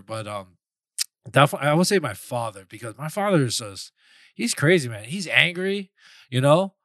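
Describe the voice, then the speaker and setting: Bright-voiced joking man from Queens. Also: a little high, sing-song, moderate pace, no room sound, clean studio sound. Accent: New York. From Flushing, Queens, New York. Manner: joking, laughs often, curses and apologizes. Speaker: podcast guest. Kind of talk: casual chat.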